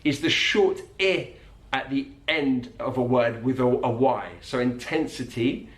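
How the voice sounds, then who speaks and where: A man teaching about accents, explaining clearly and repeating words to show how they sound. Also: mid-range voice, measured pace. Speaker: accent coach. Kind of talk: explanatory video lesson. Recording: roomy echo.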